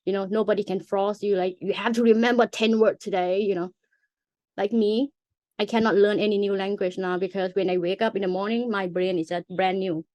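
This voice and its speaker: A woman's voice: medium pitch, steady tone, brisk, darkish tone, no room sound. A young woman with a Thai accent, a native Thai speaker, patiently explaining her language as a teacher and sounding out examples. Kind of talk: casual explanatory chat.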